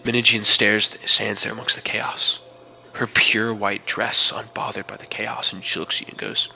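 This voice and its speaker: A man running a tabletop game as game master, narrating with dramatic storytelling that often drops to a hush. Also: lowish voice, little pitch movement, moderate pace, creaky, rough recording.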